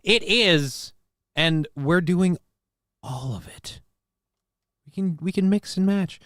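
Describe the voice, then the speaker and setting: A man runs a casual live-stream show and reads out chat messages, riffing on them with crude jokes and plenty of rambling asides. His voice sits a little high for a man and comes through smooth and clean. It is recorded close up, with no room sound at all. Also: slow, a bit bright, no room sound. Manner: crude, joking, rambling with fillers.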